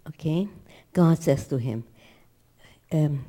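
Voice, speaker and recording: A woman's voice: deep voice, moderate pace, dark tone. A woman teaching a Torah class, telling the story dramatically with emphatic rhetorical questions and acted-out quotes.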